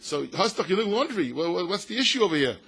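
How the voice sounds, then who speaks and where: An older American rabbi tells stories in a passionate talk at a synagogue event hall, acting out quotes and mixing in Yiddish and Hebrew words. He's an animated storyteller whose high-pitched voice is fast and husky, with vocal fry.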